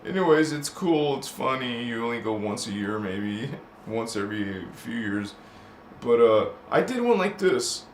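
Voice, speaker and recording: In a sing-song, mid-range voice at a measured pace, a middle-aged man hosts a live stream and reads viewer comments aloud. He rambles onto tangents and laughs often, and there's a roomy echo plus slight background noise.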